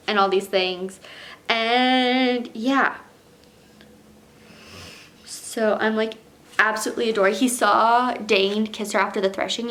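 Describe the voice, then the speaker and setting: Woman book vlogger, casual and excitable, heavy swearing, lots of filler words; reads aloud between rants. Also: fairly high pitch, measured pace, pauses often. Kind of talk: reading aloud and casual commentary.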